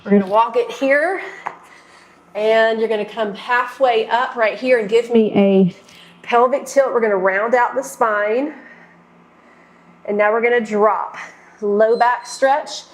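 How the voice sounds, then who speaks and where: A woman's voice: on the high side, unhurried, pauses often, roomy sound. A woman fitness instructor guiding a workout and stretch, coaching and encouraging as she goes. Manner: encouraging, coaching through moves.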